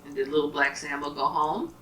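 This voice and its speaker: Animated woman telling a story to a child. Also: low voice, brisk. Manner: animated, asks the child questions. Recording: roomy, from a distance.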